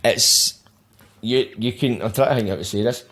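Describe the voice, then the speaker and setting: A man's voice: mid-range voice, moderate pace, fairly bright tone. A Scottish man hosting a podcast, talking in blunt, sweary, casual banter. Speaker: podcast host.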